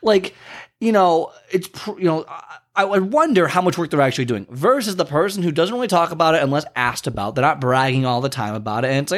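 A man's voice: a little high, expressive, fast. A man giving a casual motivational rant, rambling and acting out the friends he quotes. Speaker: motivational speaker.

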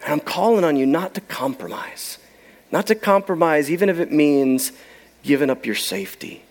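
Man, high pitch, pastor, emphatic sermon storytelling, trails into near-whispers. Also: animated, normal speed.

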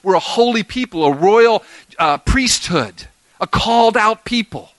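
A man's voice: sits high, lively intonation, measured pace, fairly bright tone, no echo. A man preaching a verse-by-verse sermon, emphatic and full of rhetorical questions to his listeners. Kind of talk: expository sermon.

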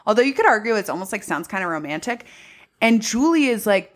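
A woman's voice: a little high, huge pitch swings, fairly quick. A woman co-hosting a podcast, recapping a movie in casual, sarcastic, profane chat. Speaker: podcast co-host.

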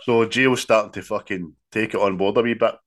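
A man's voice: on the low side, fairly quick. A Scottish man co-hosting a casual film review chat, telling the plot with swearing and laughter. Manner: sweary, laughing, animated retelling. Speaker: podcast co-host.

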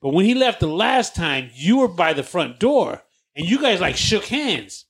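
Husky-voiced man arguing his point. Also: sits high, very animated, unhurried, a bit bright. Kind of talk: casual banter with friends.

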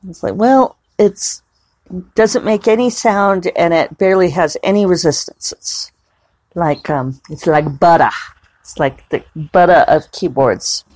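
A woman's voice: on the low side, unhurried, a little mellow, dry recording. A woman novelist chatting casually at home in a rambling, digressive way, with plenty of fillers. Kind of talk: casual vlog chat.

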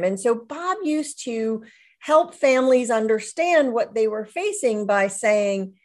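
A woman's voice: fairly high pitch, lively intonation, slow pace. A middle-aged woman, a widowed author, talking in a casual interview in a reflective way, often restarting her sentences. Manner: warm, reflective, with frequent restarts and soft laughs. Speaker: author and guest.

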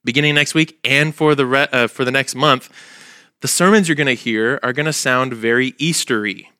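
A male pastor preaching a sermon, his voice nasal and stuffy from allergies, pausing often with fillers. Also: medium pitch, pushed and bright, clean tone, dry recording, clean studio sound. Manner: halting, with frequent "uh" fillers.

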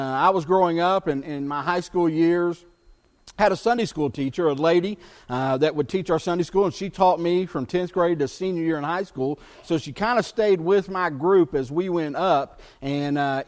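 A middle-aged man preaching a sermon as pastor, telling a personal story earnestly and dropping to a hush when quoting scripture. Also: sits high.

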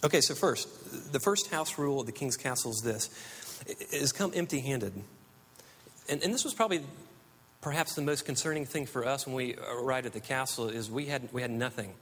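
A man's voice: mid-range voice, moderate pace, fairly bright tone. A man from the United States preaching a sermon, telling stories earnestly. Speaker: pastor. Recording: long hall reverb.

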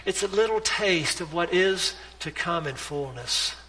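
A man's voice: high voice, lively intonation, measured pace, sharp tone, long reverb tail, slight background noise, poor audio. A man preaching a sermon as a pastor, pleading with his congregation through repeated urgent appeals. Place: church sanctuary.

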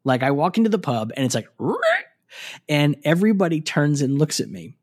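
A man's voice: fairly high pitch, fast. A middle-aged man, co-hosting a podcast and telling stories with lots of laughs. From United States. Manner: animated storyteller, laughs often, acts out quotes. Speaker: podcast co-host. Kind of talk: casual chat.

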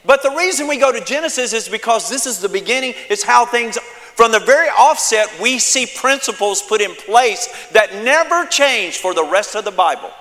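Man, pastor, sermon, emphatic call-and-response, high bright voice. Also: animated, moderate pace, in a large hall.

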